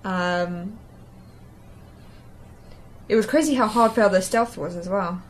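A woman's voice: medium pitch, unhurried, slight background noise. Rambling English woman chatting about games. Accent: Essex-tinged English. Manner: rambling, hesitant with many ums and restarts. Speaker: podcast co-host. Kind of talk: casual gaming chat.

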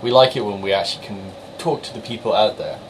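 Lower-voiced man with a Somerset accent, podcast co-host, playful and chatty. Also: fairly even intonation, a little hiss or hum, rough recording. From Somerset, England. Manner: chatty, jokey, quick to laugh. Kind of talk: casual banter and game reviews.

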